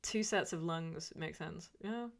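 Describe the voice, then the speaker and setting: A woman's voice: low-pitched, unhurried, creaky. A woman streaming live in casual chat. She reads viewer comments aloud and rambles in answer, with many fillers and restarts. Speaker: YouTuber reading live chat.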